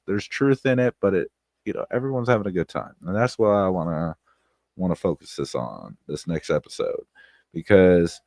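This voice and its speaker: A man with a very deep voice rants about online drama on his stream, swearing freely and circling back over his points. His voice sits close and dry on the mic, with no room around it. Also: dry recording. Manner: blunt, swears freely, repeats himself, loud outbursts. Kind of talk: casual profane commentary stream. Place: home streaming setup.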